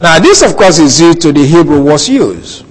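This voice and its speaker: A man preaching a Bible teaching sermon, slow and deliberate, lingering on key words. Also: on the high side, sing-song, slightly rough. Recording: long reverb of a hall.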